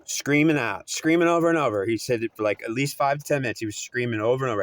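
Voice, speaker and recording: A man's voice: medium pitch, lively intonation, racing, few pauses. A man with a mid-range voice tells a story in a loose, rambling way, circling back and repeating himself. He often stops mid-sentence to restart or correct himself. The sound is close and dry, with no room echo. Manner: rambling, repetitive, self-correcting. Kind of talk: oral storytelling.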